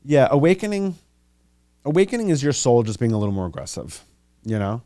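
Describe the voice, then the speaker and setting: A man's voice: mid-range voice, big pitch swings, a little fast, mellow, no room sound, clean studio sound. A man hosting his own podcast, talking alone in a chatty, rambling way with playful, exaggerated complaints. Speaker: podcast host and psychic reader. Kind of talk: casual solo podcast monologue.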